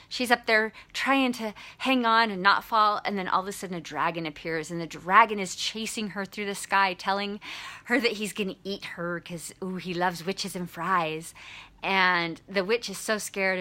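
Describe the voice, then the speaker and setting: A woman hosting a short video, retelling a children's story in an animated, chatty way. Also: mid-range voice. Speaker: host.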